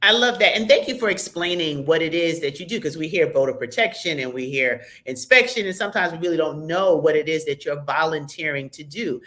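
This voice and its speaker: Upbeat woman host, bright tone, chatty shout-outs from viewer comments. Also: low voice. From American South. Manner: upbeat, chatty, reads viewer comments aloud with quick asides. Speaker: livestream host. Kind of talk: lively livestream shout-outs.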